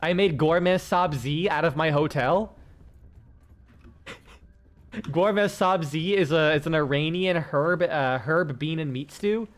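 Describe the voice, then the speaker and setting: A tired man chatting casually while streaming a game, rambling and excitable, swearing and laughing often. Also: a little high, a little slow, pauses often. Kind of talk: casual gaming stream chat.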